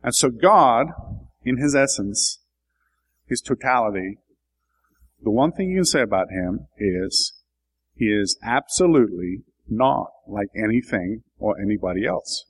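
A man's voice: fairly low pitch, animated, measured pace, slightly rough, poor audio. A man giving a sermon, explaining scripture in a thoughtful way and building to emphatic bursts. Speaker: preacher.

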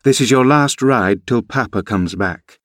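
A man's voice: mid-range voice, measured pace, fairly bright tone, no echo, studio quality, natural voice. A man reading an audiobook, voicing a stern female housekeeper who scolds in a raised tone. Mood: scolding.

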